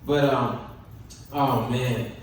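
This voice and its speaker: A man's voice: medium pitch, steady tone, drawn-out words. A young man from the Caribbean doing a loose, profane stand-up set, chuckling at his own jokes on a comedy club stage. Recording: echoey club from far off, faint noise.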